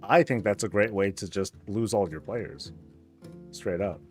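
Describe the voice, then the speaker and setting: A man's voice: on the low side, measured pace, soft background music. A man streaming, chatting casually, rambling and joking, swearing freely. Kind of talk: casual chat.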